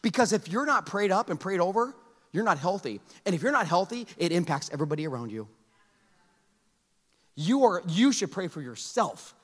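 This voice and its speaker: Animated male pastor in a reverberant hall. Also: high voice, normal speed. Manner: animated and conversational, swinging from loud exhortation to hushed intensity. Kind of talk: sermon.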